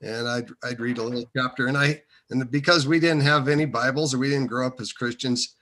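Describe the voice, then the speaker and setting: A man recounting a personal story at an unhurried, halting pace. His voice is bright and forceful, pitched in a middle range. He often pauses on fillers as he rambles. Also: fairly even intonation. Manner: hesitant and meandering, many fillers.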